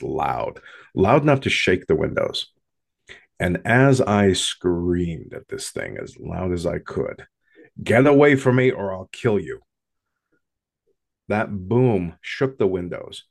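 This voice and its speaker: A man slowly telling a first-person paranormal story in a hushed, dramatic way. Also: low voice, creaky.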